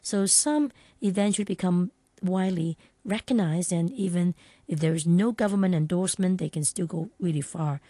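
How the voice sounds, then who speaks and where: Woman, chatty and loose, slightly low, warm husky voice, dry close sound. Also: moderate pace, no echo. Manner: chatty, rambling, many fillers and restarts. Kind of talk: casual conversational chat.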